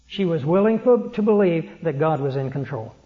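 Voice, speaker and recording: A man preaching a sermon in an earnest way, slowing down to stress his points. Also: a little high, expressive. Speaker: pastor. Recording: dull lo-fi sermon recording.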